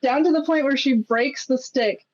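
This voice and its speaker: Animated woman, slightly muffled sound. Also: high-pitched, moderate pace. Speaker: podcast guest. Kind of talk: casual film discussion.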